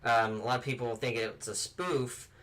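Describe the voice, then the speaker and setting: A man's voice: mid-range voice, steady tone, normal speed, a bit bright. A man hosting a movie podcast, reading out film news with casual asides and fillers. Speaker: podcast host.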